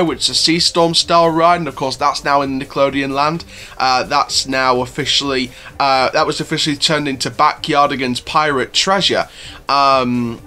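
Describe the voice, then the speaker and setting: A man's voice: on the high side, bright, forceful tone. A man hosting a casual theme park vlog, talking in a chatty, upbeat way with lots of fillers and restarts. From England (Doncaster). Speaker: theme park YouTuber host.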